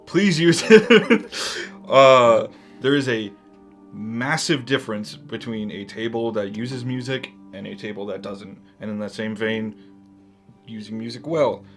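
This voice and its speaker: A man's voice: lowish voice, steady tone, measured pace, fairly bright tone, faint music behind. A man co-hosting a casual chat, emphatic and swearing for stress, with small chuckles. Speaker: co-host.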